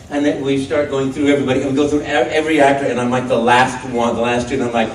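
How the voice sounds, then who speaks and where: A man's voice: fairly high pitch, fast. A man telling stories to a convention audience, acting out voices, recorded from the crowd on a phone. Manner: animated, acts out voices in his stories. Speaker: convention panel guest. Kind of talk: storytelling to a live audience. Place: convention panel room. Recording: distant echoey phone recording with faint noise.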